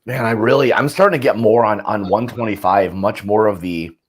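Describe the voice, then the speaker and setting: A man with a fairly low voice talks casually through a whiskey tasting on a livestream. His sentences drift off into quiet murmurs as he thinks aloud. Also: a little fast, slightly rough.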